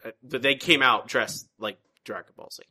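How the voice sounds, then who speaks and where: Podcast co-host, male, bright tone, rambling casual delivery with frequent restarts. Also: medium pitch, normal speed, slightly rough. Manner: rambling, restarts sentences, recaps at length. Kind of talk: casual chat.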